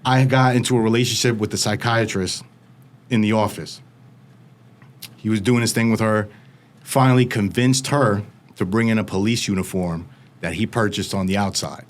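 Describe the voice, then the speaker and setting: A man's voice: fairly low pitch, steady tone, normal speed. A man guest on a podcast, recounting a personal story with vivid, casual storytelling and lots of filler words.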